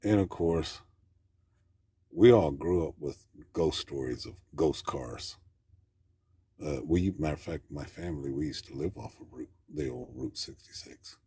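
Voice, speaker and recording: A man's voice: a bass voice, animated, a little slow, gravelly, mellow, slightly rough, dry recording, clean studio sound. A man calling in to tell a story, talking in a plainspoken, rambling way with folksy grammar. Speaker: caller. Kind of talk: casual storytelling.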